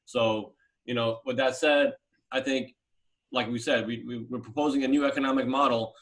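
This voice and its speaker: A man's voice: medium pitch, fairly even intonation, moderate pace, a bit bright. A man hosting a casual video chat, talking in a loose, rambling way with plenty of fillers. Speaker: host.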